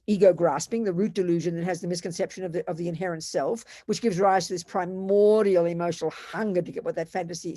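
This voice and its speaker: A woman's voice: on the low side, warm tone, dry recording. Earnest older woman teaching, dry close sound. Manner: earnest, emphatic, repeats phrases for stress. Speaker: Buddhist teacher. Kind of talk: dharma talk.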